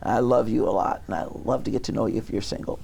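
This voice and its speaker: A man chatting as a guest in a TV studio, halting and searching for words with many restarts. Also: on the low side, steady tone, vocal fry, a little mellow, breathy edge. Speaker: talk show guest. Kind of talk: rambling talk show chat.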